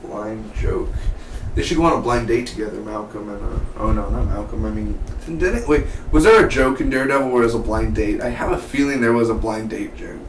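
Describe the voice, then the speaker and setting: A man giving a casual, excitable spoken review of a TV episode, chatty and full of "man" and "dude". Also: medium pitch, fast talker, hardly any pauses. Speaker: TV show reviewer. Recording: echoey room, mic at a distance, faint background hum.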